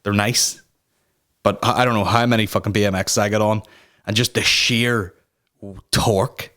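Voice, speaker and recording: A man's voice: mid-range voice, a bit bright. A young man hosting a comedy podcast from home, ranting casually in a sweary, rambling, self-mocking way. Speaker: podcast host. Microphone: talking to a camera.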